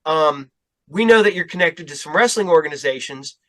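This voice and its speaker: A middle-aged podcast host rambles casually through a story, quoting both himself and other people. His fairly high, slightly bright voice is expressive, and he talks a little fast.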